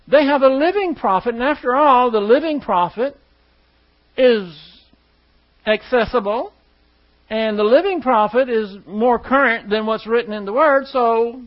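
A man's voice: very high voice, moderate pace. A man preaching a sermon to his congregation, conversational and full of questions to the room. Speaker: pastor. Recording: dull lo-fi church recording.

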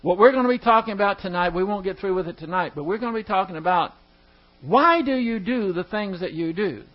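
A man's voice: high voice, lively intonation, a little fast, muffled recording. A man teaching an evening Bible study who often stumbles over words, restarts them, and puts questions to his class. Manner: asks the class rhetorical questions.

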